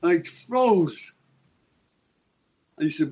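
Male interview guest, husky, a bit high, dramatic rambling storyteller. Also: sing-song, unhurried, pauses often, darkish tone.

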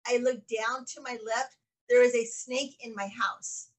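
A woman hosts her own podcast with a high, bright-sounding voice. She is effusive and animated and tells lively stories. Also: unhurried, low-quality recording. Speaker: podcast host. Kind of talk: casual interview chat.

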